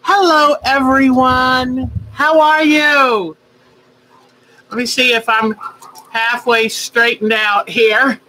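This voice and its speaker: Slow, chatty woman host. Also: sits high, little pitch movement, bright, forceful tone, a little hiss or hum, poor audio. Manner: chatty, greets viewers by name, rambling asides. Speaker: quilting live-stream host. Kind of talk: casual live-stream chat.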